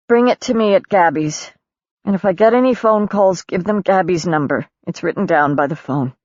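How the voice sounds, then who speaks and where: A woman narrator voicing a weary middle-aged mother, gentle and firm, on a dull lo-fi recording. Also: medium pitch, dry recording, voice pushed up, lightly acted.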